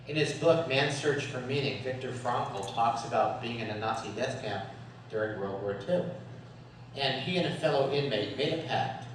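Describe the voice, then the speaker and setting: A man's voice: mid-range voice, a little hiss or hum. Male guest speaker, joke-laden storyteller; distant mic in an echoey hall, faint ambience. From USA. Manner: storytelling with jokes, chuckles often. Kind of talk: humorous talk at a Sunday service. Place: worship hall.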